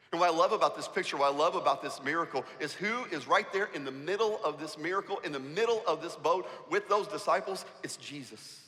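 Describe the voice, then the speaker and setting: A man preaching a sermon as pastor, emphatic and animated, asking the congregation rhetorical questions. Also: on the high side. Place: church sanctuary. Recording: church hall with long reverb.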